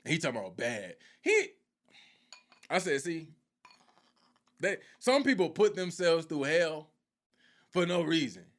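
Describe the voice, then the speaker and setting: Animated man retelling a show. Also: fairly high pitch, a little slow, pauses often. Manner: lively storytelling with quoted voices. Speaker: faith teacher. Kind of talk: animated live teaching.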